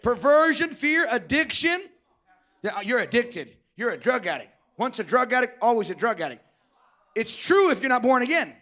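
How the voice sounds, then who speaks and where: Fiery preacher man, high and bright voice, raspy edge, shouts often in church. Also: sing-song, moderate pace. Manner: shouting, joking, calls for amens. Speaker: pastor. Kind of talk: energetic sermon.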